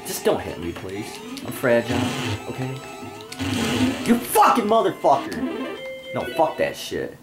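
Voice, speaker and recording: A man's voice: on the low side, big pitch swings, moderate pace, few pauses. A young man playing a video game and ranting, irritable and constantly swearing, with game music behind him. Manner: foul-mouthed, irritable, ranting. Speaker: gamer. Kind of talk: profane let's-play rant.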